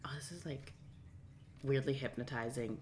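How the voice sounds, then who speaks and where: A woman's voice: very deep voice, a little mellow, a little hiss or hum. A young woman streaming a game in casual, rambling chat and laughing often. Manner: chatty, rambling, quick to laugh.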